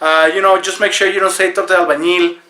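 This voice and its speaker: A man hosting a deadpan mock tutorial, earnest and full of fillers. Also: sits high, fast talker, echoey room. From Mexico. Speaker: comedy video host.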